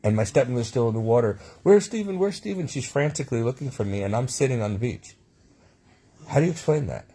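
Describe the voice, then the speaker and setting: A man's voice: mid-range voice, fast, warm tone, breathy edge. A man telling his own life stories in a rambling way, with frequent restarts and asides. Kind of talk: personal storytelling monologue.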